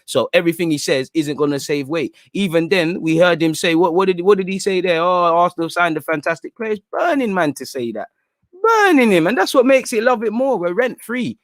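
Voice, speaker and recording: A young man hosting a livestream, talking in animated, slangy casual banter. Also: fairly high pitch, no echo, studio quality. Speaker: fan channel livestream host.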